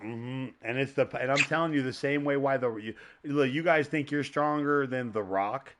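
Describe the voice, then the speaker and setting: Male podcast host, casual rambling chatter, quick to laugh, mid-pitched. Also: noisy background. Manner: rambling, animated, laughs often. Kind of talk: casual chat.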